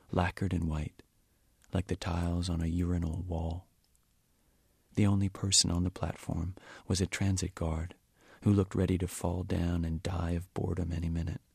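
A man reading from his novel in a measured, quiet way, at times almost whispering. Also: low-pitched, creaky, husky, no room sound. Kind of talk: audiobook-style reading.

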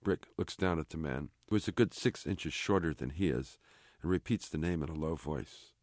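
A man, the author, reading a chapter of his novel aloud in a measured, even way. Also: extremely low pitch, dry recording, clean studio sound. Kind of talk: literary reading.

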